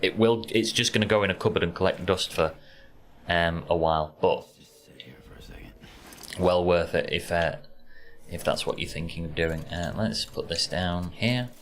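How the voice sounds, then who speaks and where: The voice is low-pitched and fairly bright, a little slow, with long pauses and a faint hiss or hum. It belongs to an easygoing Yorkshire man who rambles casually to viewers while streaming a game from his warm bedroom.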